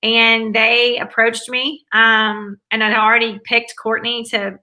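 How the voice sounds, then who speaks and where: This Southern US woman, a guest who used to be an academic advisor, gives enthusiastic, upbeat, run-on answers in a conversational interview. Her fairly high voice is slow and sharp-toned, with little pitch movement, and the audio is poor.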